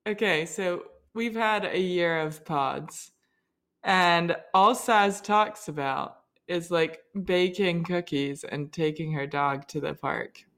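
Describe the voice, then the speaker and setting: A woman's voice: lowish voice, fairly bright tone. A woman co-hosting a podcast in casual chat, teasing her co-host. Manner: teasing, unhurried.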